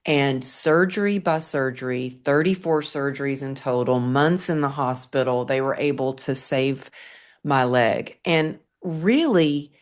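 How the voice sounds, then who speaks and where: A woman with a low-pitched voice tells her own story as an interview guest. She is middle-aged and speaks in an earnest, vivid way. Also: measured pace.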